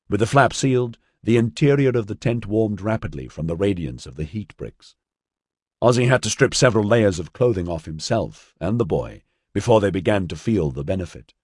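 A man narrating a story in a measured, expressive reading. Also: low voice, slightly rough, no echo, clean studio sound. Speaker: audiobook narrator. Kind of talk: scripted narration.

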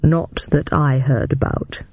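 A narrator voicing a calm, guarded middle-aged male agent who speaks slowly and quietly. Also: fairly high pitch, husky, no echo, heavily acted. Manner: slow, hushed, measured.

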